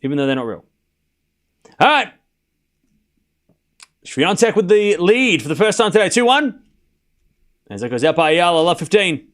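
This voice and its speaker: A man's voice: high-pitched, big pitch swings, moderate pace, pauses often, fairly bright tone. A man livestreaming casual tennis play-by-play, calling scores and bantering animatedly with his chat.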